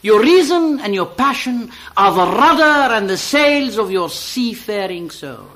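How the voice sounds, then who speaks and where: Man, poetry reader; expressive delivery, lively pitch, unhurried pace. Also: slight background noise. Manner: slow, rising to loud high emphatic peaks.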